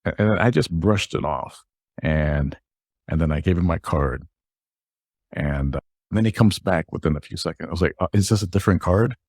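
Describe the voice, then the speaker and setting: Deep gravelly man telling a story. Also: moderate pace, long pauses, darkish tone, no room sound, clean studio sound. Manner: rambling, with frequent restarts. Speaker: podcast host. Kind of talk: personal storytelling monologue.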